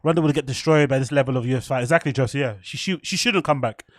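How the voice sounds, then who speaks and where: A medium-pitched young man speaks rapid-fire in a dry, studio-quality recording. He's hosting a relaxed live stream, reacting to the chat and a fight, excitable, swearing constantly, laughing often and doing mock French.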